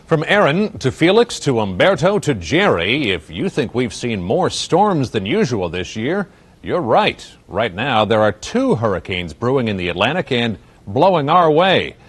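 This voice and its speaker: Male news anchor, husky voice, lively intonation, measured delivery. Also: medium pitch. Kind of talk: scripted news reading.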